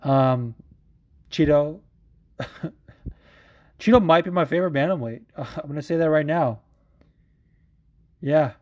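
A man in a casual monologue, rambling and excitable, swearing often and restarting sentences with lots of fillers. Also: on the high side, slow pace, long pauses. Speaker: podcaster talking about mixed martial arts fighters.

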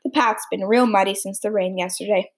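A woman's voice: medium pitch, fairly even intonation, fairly quick, natural voice. A woman voicing an anxious, fussy, house-proud woman in a storybook reading, speaking in a pleading way.

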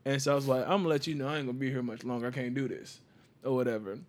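A young man telling a work story in casual chat, animated and profane, heavy slang. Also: medium pitch, racing.

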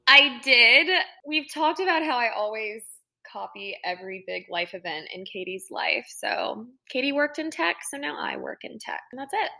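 A woman's voice: fairly high pitch, expressive, moderate pace, vocal fry, sharp tone. A woman co-hosting a podcast, talking candidly and self-critically in casual chat. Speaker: podcast co-host.

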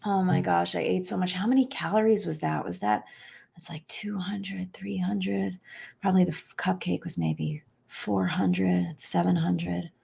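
Woman doing a guilt-ridden binge eater the morning after, low and husky, muttering to herself. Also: steady tone, unhurried, warm tone, full character voice. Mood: guilty, fretful. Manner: fretful muttering inner monologue.

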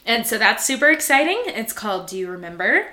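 A woman's voice: on the high side, very animated, brisk, pushed and bright, echoey room. A woman co-hosting a podcast in casual chat, chatty and giggly with many fillers. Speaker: podcast co-host.

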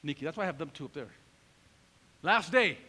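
A middle-aged man from Northern California, a pastor preaching a sermon testimony and acting out his own past conversations in an animated storytelling manner. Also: on the high side, a little fast. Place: church hall. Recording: long reverb of a church hall.

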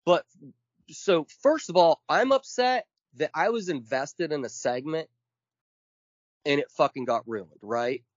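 A man's voice: fairly high pitch, expressive, measured pace, dry recording. Profane, fired-up man ranting on a podcast. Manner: emphatic, profane, counts off points. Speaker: podcast co-host. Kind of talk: casual podcast rant. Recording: dull lo-fi dry sound.

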